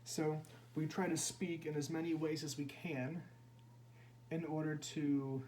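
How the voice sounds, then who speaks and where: A man giving a contemplative spiritual discourse as a teacher, unhurried and repeating key phrases for emphasis. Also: fairly high pitch, little pitch movement, darkish tone, slight background noise.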